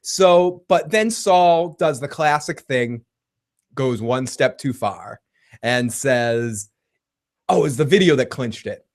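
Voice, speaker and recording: A man hosting a casual show that recaps a TV episode, excitable and profane, laughing often as he retells scenes and reads out viewer comments. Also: medium pitch, slow pace. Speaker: podcast host reviewing a TV episode.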